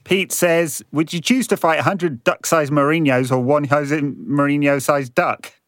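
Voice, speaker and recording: A man's voice: fairly high pitch, fairly even intonation, unhurried, fairly bright tone, no echo. A man co-hosting a podcast, reading listener questions in a dry, sardonic way. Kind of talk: casual podcast chat.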